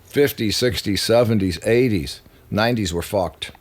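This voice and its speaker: A man guest in an interview, telling stories in a loose, animated way, swearing freely and acting out what others said. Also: on the low side, normal speed. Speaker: musician guest. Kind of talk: casual interview storytelling.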